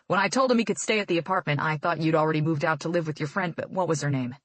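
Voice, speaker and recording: A woman's voice: low-pitched, very fast, dry recording. A woman voicing a stern middle-aged male football coach who gives curt, commanding orders.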